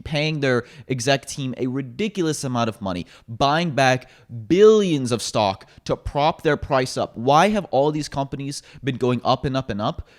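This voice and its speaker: A man co-hosting a casual podcast discussion, opinionated and ranting, swearing now and then. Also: medium pitch. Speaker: podcast co-host.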